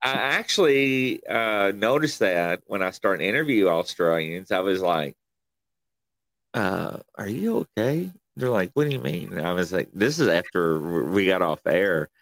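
A man's voice: low voice, unhurried. A man from Kentucky with a country accent, hosting a casual interview chat and telling stories with frequent chuckles. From Kentucky, USA. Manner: animated storyteller, chuckles often. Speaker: podcast host.

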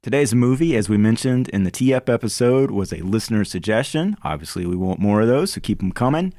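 Chatty low-voiced male podcast host. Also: animated, fairly quick, dark tone, dry recording, studio quality. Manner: chatty, joking, filler-heavy. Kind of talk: casual chat about movies.

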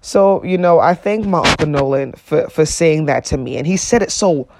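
A man's voice: on the high side, normal speed, very noisy. A young man hosting a solo podcast, talking earnestly and casually with lots of "you know what I'm saying" fillers, rising when he stresses a point. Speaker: podcast host.

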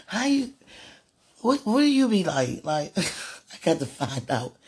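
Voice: medium pitch, very animated, unhurried, darkish tone, husky. A speaker in a fervent devotional monologue, sighing and laughing often and repeating words.

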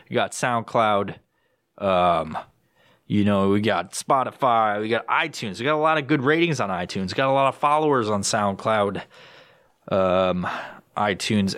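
Young male podcast host, mid-pitched, loose and foul-mouthed solo rant on a home mic. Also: no echo, studio quality. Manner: profane, rambling, swears constantly; jumps into high excited voice when quoting himself. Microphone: podcast microphone with headphones.

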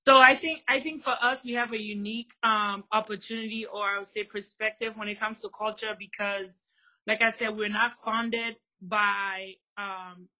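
A woman from Liberia, a guest in an interview, explaining her culture in lively conversation with plenty of examples. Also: mid-range voice, normal speed, poor audio. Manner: animated storyteller, explains with examples.

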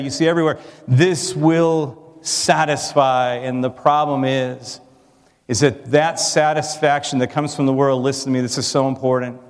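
A man's voice: mid-range voice, in a large hall. A man preaching a sermon in an earnest, emphatic way, asking his listeners rhetorical questions. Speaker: pastor.

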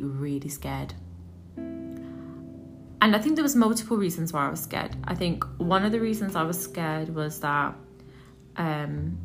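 Young woman chatting through a story, lots of ums, guitar music loud under her voice. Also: on the low side. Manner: chatty, animated retelling with many fillers and quoted inner thoughts. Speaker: podcast host, doctor in general practice. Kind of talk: personal storytelling podcast.

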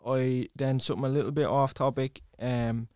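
A man with a softened Dublin accent, a podcast guest talking earnestly in a casual chat. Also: medium pitch, fairly even intonation, clear, resonant tone, no room sound, studio quality. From Ireland. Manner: earnest, measured, trying to speak neutrally.

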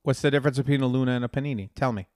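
A man's voice: mid-range voice, very fast, no room sound, studio quality. A man co-hosting a casual comedic debate, teasing and mock-formal as he argues his side.

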